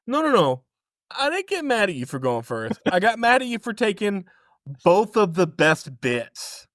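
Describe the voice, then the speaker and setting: A man's voice: high voice, big pitch swings, moderate pace, a bit bright, dry recording, studio quality. A man co-hosting a movie podcast in casual chat, with a blunt, teasing manner. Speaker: podcast co-host.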